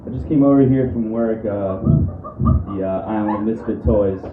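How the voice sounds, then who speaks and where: A young man from the New doing a stand-up set in a comedy club, deadpan and halting, with many ums and restarts. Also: fairly low pitch, narrow, tinny audio. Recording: roomy club audio from a distant mic with room noise.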